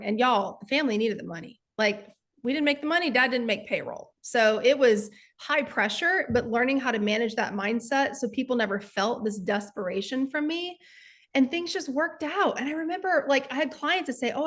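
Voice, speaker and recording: This woman's voice is slightly high and a bit bright, moving at a moderate pace. A sales coach from Texas speaking as a guest, she shares motivational stories with earnest emphasis and addresses her audience as "y'all."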